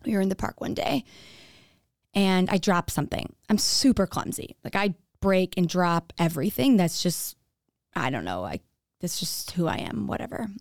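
A woman speaks candidly to the listener with a gravelly, fry-laden voice. The sound is dry and close, with no room around it. Her manner is casual and frank, full of swearing and "like". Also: on the low side, big pitch swings, normal speed, dry recording. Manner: frank, casual, swears freely, uses "like" often. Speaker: podcast speaker. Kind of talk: candid personal storytelling.

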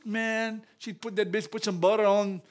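A man giving a lively church message, telling stories, repeating phrases and laughing often. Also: sits high, normal speed. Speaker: church speaker.

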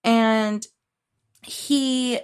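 A woman co-hosting a podcast, casually recapping a film in a rambling, animated way, quoting characters and swearing freely. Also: fairly high pitch, very slow, clear, resonant tone. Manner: rambling, animated retelling with quoted voices and swearing. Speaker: podcast co-host.

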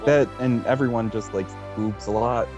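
A man co-hosting a casual game podcast, measured and matter-of-fact. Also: mid-range voice, fairly even intonation, dull audio, over music. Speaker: podcast co-host.

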